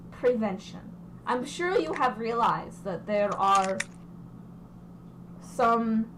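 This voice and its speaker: A woman voicing a male revolutionary leader in a tabletop game, speaking formally and haltingly in a put-on foreign accent, slowly. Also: high voice, noisy background.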